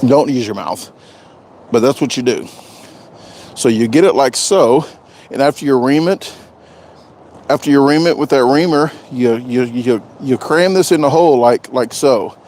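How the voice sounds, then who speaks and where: A man's voice: mid-range voice, normal speed, long pauses, a little mellow, slight background noise. A man chatting casually on a live stream, rambling and joking, often repeating himself. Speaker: vlogger doing a live stream.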